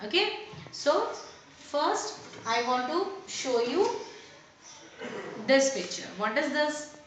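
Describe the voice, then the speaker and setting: A woman teacher, giving a lesson to young children, slowly repeating each word and asking questions aloud. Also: high voice, lively intonation. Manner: slow, repeats words and asks questions aloud. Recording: very echoey room with faint noise.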